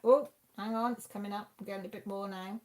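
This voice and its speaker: A woman's voice: mid-range voice, fairly even intonation, fast talker, a little mellow. A woman chatting casually at home while hosting a craft live stream, reading comments and exclaiming aloud. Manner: chatty, exclaiming, talks to the chat. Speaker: craft channel host reading live chat.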